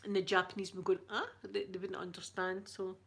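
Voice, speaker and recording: A middle-aged woman with a thick Scottish accent chats softly with her live viewers. She rambles through stories, laughing often as she goes. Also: mid-range voice, monotone, fairly quick, vocal fry, a little hiss or hum. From Scotland. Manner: chatty, laughs often, soft-spoken. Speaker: livestream host. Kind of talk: casual chat with live viewers.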